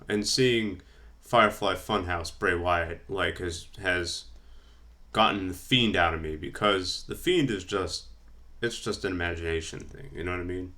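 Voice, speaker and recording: Here the man's voice is low and a little slow, with a pushed, bright quality. He vlogs casually about wrestling, riffing on fantasy booking and leaning on lots of fillers as he works through his notes.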